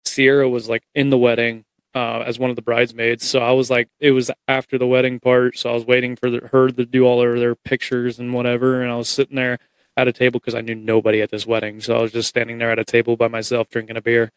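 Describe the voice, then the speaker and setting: A man's voice: medium pitch, monotone, fast, clear, resonant tone, no room sound. A man hosting a podcast, chatting casually and telling stories with quoted asides. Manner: loose storytelling with quoted asides. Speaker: podcast host. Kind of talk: casual chat.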